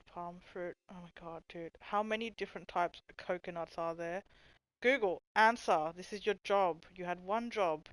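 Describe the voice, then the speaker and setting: On this casual livestream, a woman reads chat in a lowish, echo-free voice. She searches while thinking out loud, swearing freely and laughing a lot.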